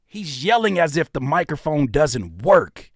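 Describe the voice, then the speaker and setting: Animated man hosting a music livestream. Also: on the high side, a little slow, breathy edge, no room sound, clean studio sound. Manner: joking, animated, rambling with restarts and laughs. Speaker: livestream host reacting to submitted music. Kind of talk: casual livestream commentary.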